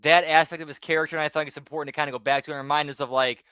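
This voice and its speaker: A man co-hosting a casual podcast, telling stories in a loose, rambling way. His voice is bright and slightly high, and it often trails off quietly. The recording is dry and close. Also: fairly even intonation, racing, smooth, no echo. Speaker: podcast co-host. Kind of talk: casual storytelling chat.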